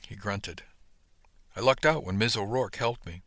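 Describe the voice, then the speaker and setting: A man narrates a novel in the first person in a steady storyteller's way, his speech tags dropping quiet. His voice sits low yet sounds bright and forceful. The recording is dry and close. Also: unhurried, long pauses, no echo. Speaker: audiobook narrator.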